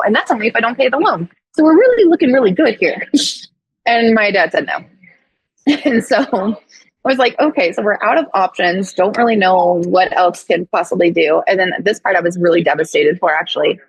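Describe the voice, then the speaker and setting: A woman in her thirties, a doctor sharing her story as a podcast guest, with a husky, slightly breathy voice. She talks candidly and animatedly, jumping into the voices of people she quotes. The sound is dry and close. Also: lowish voice, dry recording, poor audio. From St. Louis, USA. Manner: animated, acts out quoted dialogue with swearing and laughs.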